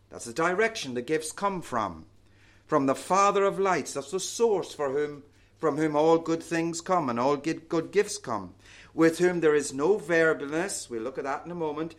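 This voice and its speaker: A man delivers a sermon at an unhurried, deliberate pace. His voice sits a little higher than most men's and leans hard on each key word. Phrases often settle into a low, soft close. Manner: slow, emphatic, drops to a low soft close on key words. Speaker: preacher.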